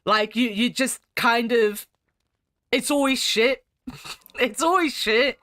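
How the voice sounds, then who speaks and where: A woman's voice: a little high, slow, a bit bright, no echo, clean studio sound. A woman streaming a game, chatting with viewers, laughing and reading chat aloud. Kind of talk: casual chat while playing a game.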